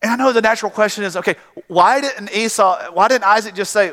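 High-voiced preacher man in a hall. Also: fast talker, few pauses, fairly bright tone. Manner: preaching, reads scripture aloud and voices pleading characters. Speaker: pastor. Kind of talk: sermon.

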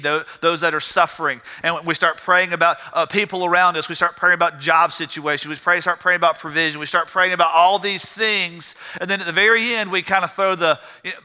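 A man preaching a sermon as a pastor, impassioned, swinging from loud emphatic lines to hushed ones. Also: fairly high pitch. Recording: long reverb of a large hall.

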